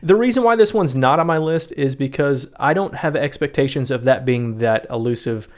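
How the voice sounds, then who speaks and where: A man's voice: mid-range voice, normal speed. A man co-hosting a casual podcast chat, rambling and correcting himself, often laughing. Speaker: podcast co-host. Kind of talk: casual chat about board games.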